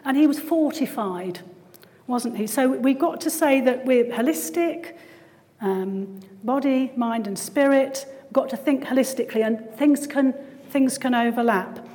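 Woman, conversational church speaker, slightly high voice, reverberant hall. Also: a little slow, warm tone. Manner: conversational, frequent tag questions. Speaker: Christian speaker and GP. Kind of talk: church talk.

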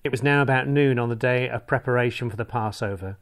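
A man reading a scripture passage aloud at a service. His voice sits at a middle pitch, and his delivery is measured and formal. He keeps a steady, unhurried rhythm throughout. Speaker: scripture reader.

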